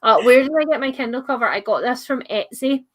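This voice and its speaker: A woman's voice: fairly high pitch, expressive, fast talker. A young Scottish woman hosting a cosy livestream, chatting casually with a playful, giggly, teasing manner. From Scotland. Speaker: livestream host. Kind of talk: casual chat. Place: at home. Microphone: livestream setup.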